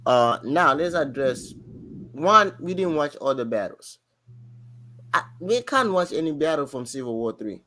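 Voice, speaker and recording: A man co-hosting a podcast in casual chat, telling a story in an animated, rambling way full of fillers. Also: on the high side, measured pace. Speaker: podcast co-host.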